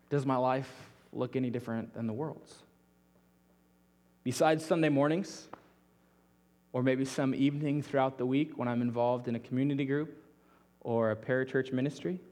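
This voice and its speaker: A young adult man preaching a sermon as pastor, earnest, often dropping his voice softly at the ends of phrases. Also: medium pitch. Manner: earnest, drops to a soft near-whisper at phrase ends.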